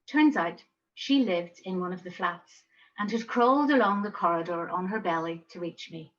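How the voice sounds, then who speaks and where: A woman voicing a young wounded man recounting his ordeal in a calm, matter-of-fact way. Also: fairly low pitch, normal speed, lo-fi sound, lightly acted.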